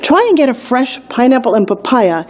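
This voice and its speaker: A middle-aged woman giving a motivational video lesson on a weight-loss course, upbeat and emphatic, telling stories with quick asides. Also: fairly high pitch, sing-song, darkish tone.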